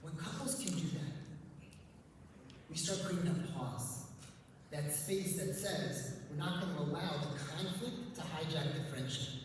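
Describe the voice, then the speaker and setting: A man, a rabbi, giving a conference talk to a live audience and telling a story with gentle humor. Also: a little high, unhurried, background noise. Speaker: rabbi and speaker on couples. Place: large event hall. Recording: echoey hall, distant mic.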